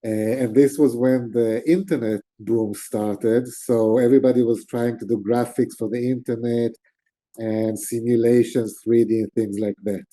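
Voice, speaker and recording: A middle-aged man, an interview guest, telling stories in a relaxed, animated conversational way. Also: medium pitch, moderate pace. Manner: animated, gestures with hands while talking. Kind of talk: storytelling in conversation.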